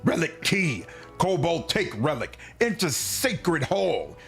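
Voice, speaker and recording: A man's voice: a little high, wildly swooping pitch, takes it slowly, vocal fry, a bit bright, faint music behind, full character voice. A man voicing a proud small male kobold chief who blusters in broken pidgin speech. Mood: indignant.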